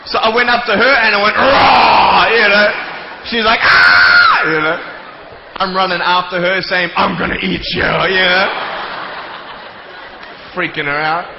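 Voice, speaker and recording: A man's voice: sits high, fairly even intonation, a little slow, pauses often, heavy background noise. A young man, giving a joking motivational talk to a live audience in a large hall and acting out little scenes as he goes. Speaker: motivational speaker. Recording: echoey hall, slightly dull sound.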